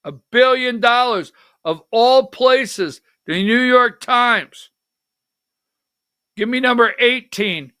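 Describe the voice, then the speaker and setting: A man hosting a political talk show, giving heated, indignant commentary with slow, emphatic delivery. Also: very high voice, pushed and bright, clear, resonant tone, dry recording, studio quality.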